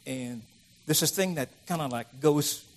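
A man's voice: a little high, a little slow. A middle-aged man preaching a conversational sermon, acting out the voices of the people he quotes.

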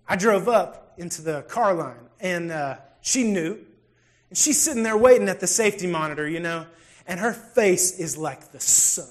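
High-voiced pastor preaching. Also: male voice, moderate pace. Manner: conversational preaching, swings from soft asides to loud bursts. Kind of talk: sermon with personal storytelling.

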